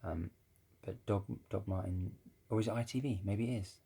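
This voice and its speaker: Brief: dark-toned, gravelly man, candid and unpolished, chatting off the cuff. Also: on the low side, normal speed. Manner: rambling, with many restarts and swearing. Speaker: ex-Jehovah's Witness vlogger. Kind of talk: casual rambling monologue.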